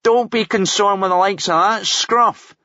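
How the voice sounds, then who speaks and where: A man's voice: high voice, lively intonation, slow pace, bright, forceful tone, dry recording, highs cut off, pitched above the performer's own voice, full character voice. A man doing a cocky Glaswegian thug. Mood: mocking swagger. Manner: mocking, swaggering, foul-mouthed. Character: cocky young male Glasgow thug, cuffed prisoner.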